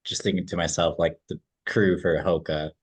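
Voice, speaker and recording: A man's voice: sits low, level tone, normal speed, husky, no room sound. A man co-hosting a podcast, chatting casually and laughing as he talks. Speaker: podcast co-host. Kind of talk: casual review chat.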